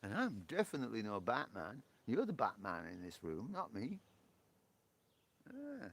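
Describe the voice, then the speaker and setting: A man's voice: mid-range voice, wildly swooping pitch, moderate pace, vocal fry, slightly rough. A man hosting a live stream on a porch, chatting casually with viewers, joking and laughing often. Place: outdoor porch.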